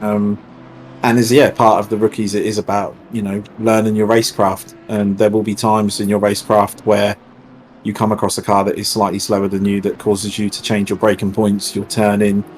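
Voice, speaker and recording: A man with a lowish voice talks through the race format on a live stream. He sounds chatty and explanatory, with a light teasing edge. Faint noise sits behind him. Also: level tone, normal speed. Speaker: race series organiser co-commentator. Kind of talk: casual live-stream commentary chat.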